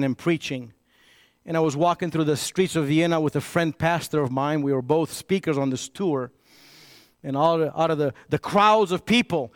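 A male pastor delivering a sermon in a somewhat high voice. He moves between loud, emphatic points and quiet, close storytelling, restarting phrases as he goes. The recording is dry with no room echo. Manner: swings from raised, emphatic preaching to hushed, intimate storytelling; repeats and restarts words when telling stories.

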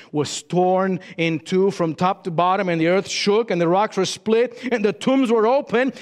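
A man preaching a sermon as pastor, with dramatic pauses and emphatic rises and drops. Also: high voice, long reverb tail.

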